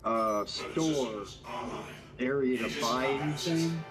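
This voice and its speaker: A man chatting casually with friends during a game, easygoing and a bit halting. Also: medium pitch, loud music behind the voice. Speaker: gamer in voice chat. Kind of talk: casual chat.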